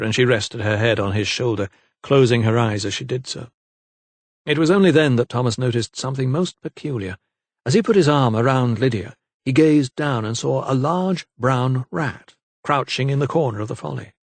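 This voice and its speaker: A man reads an audiobook in a steady, measured storytelling style, recorded close on a studio mic. His voice sits in the mid range, and there's no room sound behind this scripted narration.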